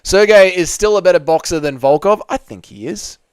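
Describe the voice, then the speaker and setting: A man's voice: high-pitched, brisk, a little mellow, clear, resonant tone, no room sound. Joking man reading live chat. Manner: loose, joking, banters with viewers. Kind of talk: casual live-stream chat.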